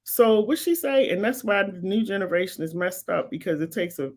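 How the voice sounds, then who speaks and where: This woman in her 50s hosts a live commentary stream responding to viewers, insisting on her points over and over with emphasis. She speaks fairly quickly in a mid-range, animated voice with a darkish tone.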